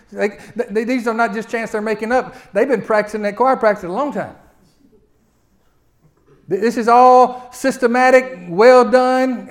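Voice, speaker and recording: A man preaching a sermon, telling the story with lively swings between loud outbursts and quiet asides. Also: sits high.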